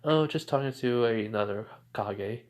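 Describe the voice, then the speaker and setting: A man voicing a proud, relaxed adult ninja father in a fan-made story retelling, in nearly his own voice. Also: medium pitch, unhurried, close to an everyday voice. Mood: fond. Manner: relaxed, boastful, plain retelling.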